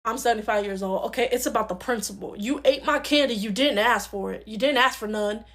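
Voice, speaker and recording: Lady playing a grumpy old grandma, blunt and petty, kinda high voice. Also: brisk, fairly bright tone. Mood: indignant. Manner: blunt, grudging. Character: cranky 75-year-old grandmother with a cane. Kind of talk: comedy skit.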